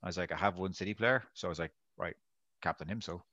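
A man's voice: deep voice, quick pace, pushed and bright, no room sound, dull audio. A man co-hosting a casual podcast, wry and self-mocking as he talks through his week. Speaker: podcast co-host.

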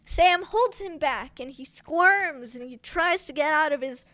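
Co-host, woman, high voice, slow unhurried delivery, chatty film recap. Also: dry recording, studio quality. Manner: chatty, animated storytelling. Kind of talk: casual film recap chat.

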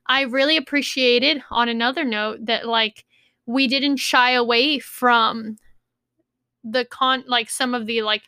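A young adult woman co-hosting a podcast in casual chat, upbeat and quick to agree. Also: fairly high pitch, fairly even intonation, pushed and bright, clear, resonant tone, dry recording. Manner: upbeat, agreeable, lots of "mm-hmm" and "yes". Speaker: podcast co-host.

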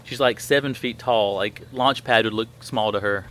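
A man's voice: fairly low pitch, normal speed, slight background noise. Rambling man in his thirties chatting. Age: 30s. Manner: rambling, many fillers and restarts, animated quoting. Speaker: podcast host. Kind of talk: casual chat.

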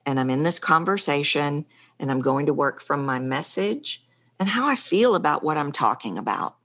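A woman's voice: deep voice, expressive, normal speed, fairly bright tone. A middle-aged woman speaking coach, talking animatedly in an interview and shifting her pace for emphasis. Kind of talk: conversational interview.

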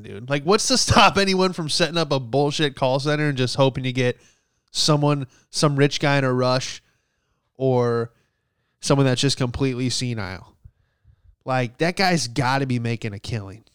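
A man's voice: mid-range voice, clear, resonant tone, no echo, studio quality. A man telling a sarcastic comedic story, exasperated and swearing casually.

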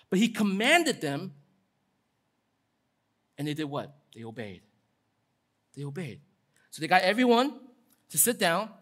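A man pastor delivering a sermon in a lively, conversational way, acting out quotes with casual asides. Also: on the high side.

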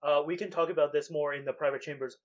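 A man's voice: on the high side, steady tone, quick pace, dull audio, lightly acted. A man playing a courteous elven priestess. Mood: polite. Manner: courteous, formal, eager to help. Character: brisk, polite elven woman priest.

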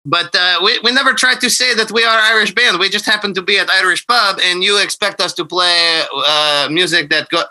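A man's voice: sits high, brisk, hardly any pauses, bright, forceful tone, rough recording. A man from Ukraine, a musician guest chatting casually, laughing often and joking. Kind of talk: casual chat.

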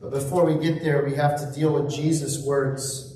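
A man preaching a sermon slowly and reflectively, asking rhetorical questions. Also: fairly high pitch, little pitch movement, warm tone. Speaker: pastor. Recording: echoey room, mic at a distance.

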